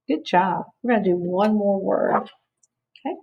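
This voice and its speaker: A woman teaching a phonics lesson to children, speaking clearly and encouragingly as she sounds out words. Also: medium pitch, moderate pace, phone-quality sound, slight background noise.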